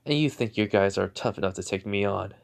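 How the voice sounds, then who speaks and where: A man's voice: fairly low pitch, brisk, gravelly. A man voicing a cocky teenage boy hero with fire powers, smug, offhand and taunting in a near-everyday voice.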